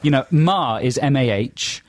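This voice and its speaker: A middle-aged man co-hosting a radio show, quick and teasing, explaining things with amused laughs. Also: mid-range voice, dry recording, clean studio sound. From England. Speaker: radio co-host. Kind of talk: casual comic radio chat. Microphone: studio mic.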